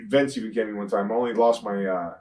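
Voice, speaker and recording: An older man, a retired wrestler, telling rambling profane stories in an interview, often saying "you know what I'm saying" and getting loud when he retells fights. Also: lowish voice, fast, distant mic, rough recording. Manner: grows loud and animated when retelling confrontations. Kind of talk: shoot interview storytelling.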